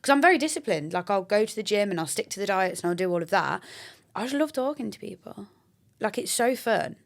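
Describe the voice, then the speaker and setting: A woman's voice: mid-range voice, a little fast, gravelly. Chatty young woman telling gym stories. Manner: chatty, animated storyteller acting out quoted dialogue. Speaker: podcast guest. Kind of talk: casual chat.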